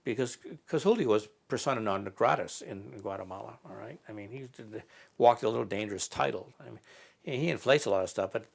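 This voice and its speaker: Guy with a kinda low gravelly voice, rambling through stories with lots of ums. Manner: halting, many fillers and restarts. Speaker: interviewee. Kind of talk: casual storytelling.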